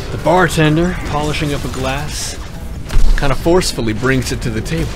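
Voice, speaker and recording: A man telling a long joke in a slow, drawn-out storytelling way, with music behind. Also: on the high side.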